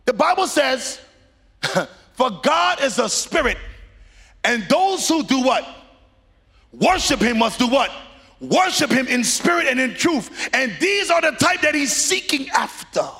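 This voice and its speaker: Emphatic middle-aged preacher in a reverberant hall. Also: male voice, very high-pitched, very animated, unhurried, bright, forceful tone, slightly rough. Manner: preaching with rising emphatic bursts and sung phrases. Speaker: pastor. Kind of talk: sermon. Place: church sanctuary. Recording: long reverb of a large hall.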